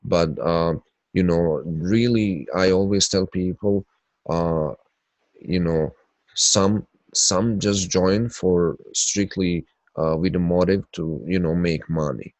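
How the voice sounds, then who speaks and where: Nasal low-voiced man hosting a webinar. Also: fairly even intonation, takes it slowly, a little mellow, dry recording. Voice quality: nasal from blocked sinuses. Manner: loose, filler-heavy talk, answering viewers by name. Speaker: trading webinar host. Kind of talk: live webinar chat and chart analysis.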